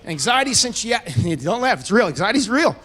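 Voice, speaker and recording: Brash high-voiced stand-up comic man. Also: sing-song, brisk. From United States. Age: middle-aged. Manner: brash, profane storytelling, shouting punchlines. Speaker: stand-up comedian. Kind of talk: stand-up comedy set. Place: comedy club stage.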